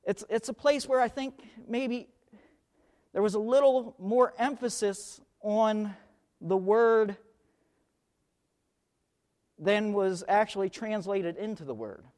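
A man's voice: high-pitched, slow, long pauses, a little mellow. A man preaching a sermon, who leans hard on key words, repeats them, and thinks aloud while hunting for verses.

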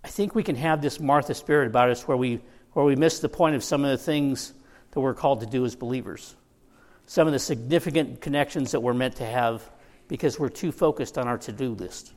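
A man's voice: medium pitch, brisk, darkish tone. A man preaching a conversational sermon as pastor, with joking asides to the congregation.

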